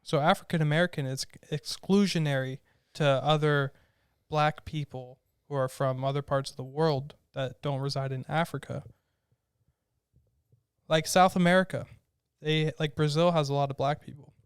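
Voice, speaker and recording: A man's voice: on the high side, fairly even intonation, normal speed, smooth, dry recording, clean studio sound. A man co-hosting a podcast in casual chat. He rambles through his opinions with lots of "like" fillers. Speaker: podcast co-host.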